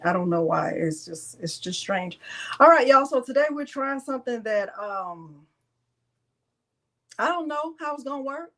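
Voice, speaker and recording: A woman's voice: on the high side, animated, normal speed, a bit bright. A woman hosting a live crafting tutorial, chatting casually and teasing with frequent laughter. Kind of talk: casual live-stream chat.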